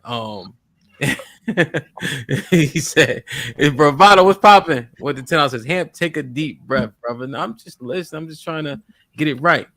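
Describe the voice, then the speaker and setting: A man hosting a livestream talk show, reading donor messages aloud quickly and asking guests direct questions. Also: on the high side, pushed and bright, no echo, clean studio sound. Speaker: livestream host. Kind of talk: casual chat, reading super chats aloud. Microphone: studio microphone.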